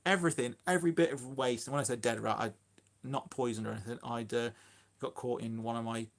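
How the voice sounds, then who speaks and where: A man chats loosely on a phone live stream, speaking at a middle pitch. He rambles and pokes fun at himself. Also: fast, gravelly. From Shropshire, England. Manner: rambling, chatty, self-deprecating, full of fillers. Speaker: allotment gardener and live streamer. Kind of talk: casual live-stream chat.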